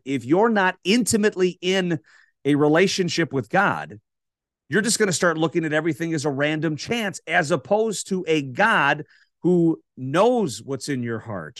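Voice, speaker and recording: A man's voice: a little high, fairly bright tone, no room sound, studio quality. A man, a radio host, giving an emphatic faith-based talk built on repeated rhetorical questions. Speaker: radio host and podcast guest.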